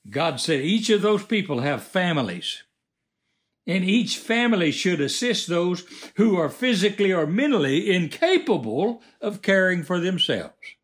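Slow, emphatic man lecturing. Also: high-pitched. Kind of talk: preachy moral monologue.

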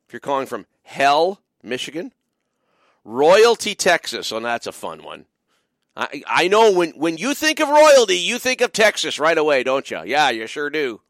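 Chatty, animated middle-aged man hosting radio. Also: a little high, no room sound, studio quality. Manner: rambling, chatty, lots of fillers and restarts; playful, mock-drawling asides. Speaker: radio call-in host and biker church pastor. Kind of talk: late-night call-in radio talk.

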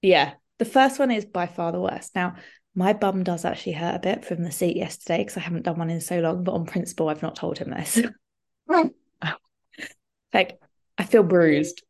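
A young woman telling a story in a casual podcast chat, animated, with lots of "like". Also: lowish voice, moderate pace. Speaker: podcast co-host.

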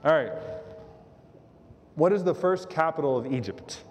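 A man giving a sermon to a live audience, animated, acting out the quotes in his stories and quizzing the crowd. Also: on the high side, measured pace. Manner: animated, acts out quotes, asks the audience questions. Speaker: preacher. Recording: long hall reverb.

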